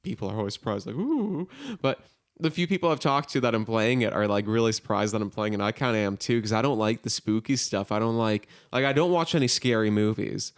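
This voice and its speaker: Animated man telling stories on a podcast. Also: lowish voice, fast talker, clear, resonant tone. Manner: animated storyteller, lots of filler "like". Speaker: podcast host. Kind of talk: casual podcast chat.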